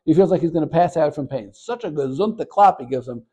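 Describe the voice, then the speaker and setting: A man, a rabbi and Torah teacher, giving a short Torah talk as an animated storyteller. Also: fast talker, creaky, hardly any pauses, breathy edge. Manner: animated storyteller, gets louder and higher at the story's peak.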